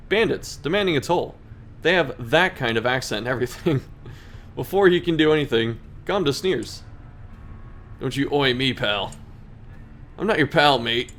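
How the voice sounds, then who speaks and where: Self-mocking man reading game text. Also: medium pitch. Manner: self-deprecating, laughs at own mistakes. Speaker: gaming video host. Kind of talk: reading game text aloud and playing commentary.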